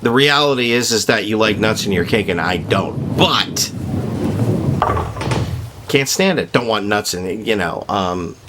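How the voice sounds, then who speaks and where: A man's voice: fairly low pitch, animated, a little slow, noisy background. A man giving rambling, opinionated commentary while playing a video game, joking as he goes. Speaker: gaming video host. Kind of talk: casual gameplay commentary.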